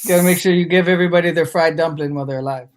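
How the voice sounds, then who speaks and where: A man on a casual podcast with friends, chiming in with quick remarks and questions. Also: on the high side, steady tone, noisy background. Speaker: podcast co-host. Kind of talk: casual chat.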